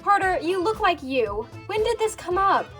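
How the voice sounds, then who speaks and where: A woman's voice: very high voice, sing-song, normal speed, fairly bright tone, faint music behind, full character voice. A woman voicing an exasperated wife who scolds bluntly in a toy figure drama.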